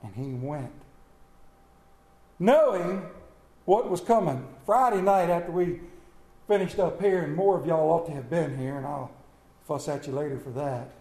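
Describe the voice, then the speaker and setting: A man preaching an Easter sermon in a folksy way, swinging between loud calls to the congregation and quiet asides. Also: fairly high pitch, measured pace, pauses often. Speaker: pastor. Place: church sanctuary. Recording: echoey church room.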